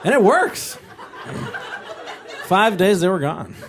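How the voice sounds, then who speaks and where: A man performing a live stand-up set, telling a story with animated energy. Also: sits high, slow pace, background noise. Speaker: stand-up comic.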